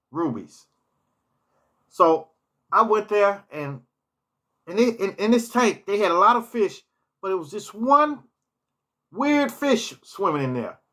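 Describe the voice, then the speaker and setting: A man's voice: fairly high pitch, a bit bright. A man telling personal stories in a casual storytime vlog, rambling and often repeating words and restarting his phrases.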